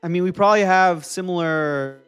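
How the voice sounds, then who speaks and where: Livestream host: man, New York accent, fairly high voice, chatty and joking, faint music under him. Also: brisk, a bit bright, clean tone. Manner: chatty, joking, reads viewer comments aloud. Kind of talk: casual livestream chat, reading chat comments.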